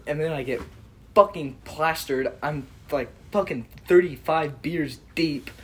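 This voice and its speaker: A man's voice: on the high side, measured pace, husky. A young man co-hosting a casual podcast chat, telling profane stories and laughing often. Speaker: podcast co-host.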